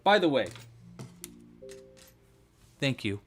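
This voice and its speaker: A man's voice: mid-range voice, sing-song, very slow, faint music behind. A man hosting a casual crochet livestream tutorial, narrating his own handiwork with chatty, playful asides to viewers. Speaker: crochet instructor.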